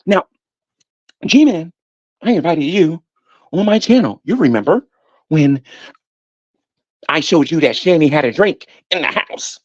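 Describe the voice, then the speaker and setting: A man's voice: a little high, expressive, unhurried, pauses often, no room sound. A prim, self-important woman YouTuber lectures someone, as a man mimics her. The sound is dull and dry. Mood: lecturing.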